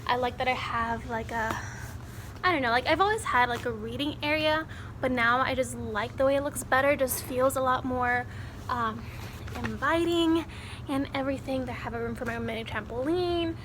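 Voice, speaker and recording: A woman's voice: high voice, moderate pace, noisy background. A woman in her twenties, a kindergarten teacher, chatting casually to the camera in a rambling way, filming on a phone or camera held at arm's length in her classroom and car. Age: 20s. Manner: chatty and rambling, with fillers and self-corrections. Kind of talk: casual vlog chat.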